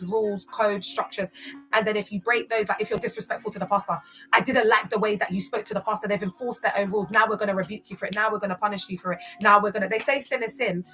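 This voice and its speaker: A woman's voice: a little high, sharp tone. A young woman from West London with a London accent, giving casual vlog commentary in emphatic street slang full of rhetorical questions. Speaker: commentator on church cults.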